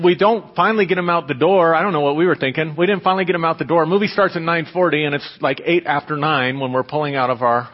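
Pastor telling a story in a reverberant hall. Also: male voice, fairly high pitch. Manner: storytelling, conversational with repeated restarts. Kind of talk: sermon. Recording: dull lo-fi audio with long hall reverb.

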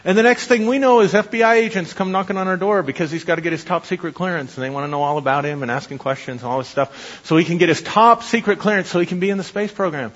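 A middle-aged man preaches with a husky, rather high voice, spinning anecdotes with frequent laughs and restarts. The sound is dull and lo-fi, with a long reverb trailing off the walls of a church hall. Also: fast. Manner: animated storytelling, laughs often, repeats words. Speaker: pastor. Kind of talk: sermon.

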